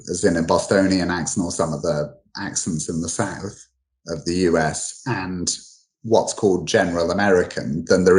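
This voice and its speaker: Low-voiced male guest, halting explainer with many restarts, casual talk. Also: darkish tone, rough recording. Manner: halting, full of restarts and fillers. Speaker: guest expert on English dialects.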